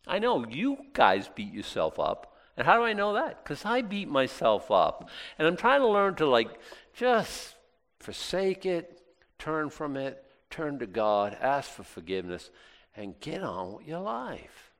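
A man's voice: fairly high pitch, big pitch swings, a little slow, fairly bright tone. A male pastor preaching in a casual, conversational way, acting out little prayers and back-and-forth dialogue. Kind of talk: sermon. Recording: long hall reverb.

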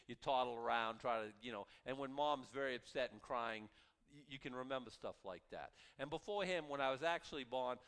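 A man's voice: mid-range voice, a bit bright. A man in his sixties, a pastor, giving a sermon in a conversational, wry way with rambling asides. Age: 60s. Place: church sanctuary. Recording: hall reverb.

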